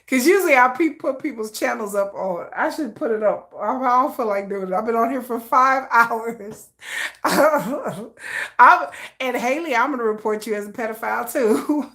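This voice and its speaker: Giggly, teasing woman streamer with a high voice. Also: animated, normal speed, a bit bright. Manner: giggly, teasing, laughs often. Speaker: livestream host. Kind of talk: casual livestream chat.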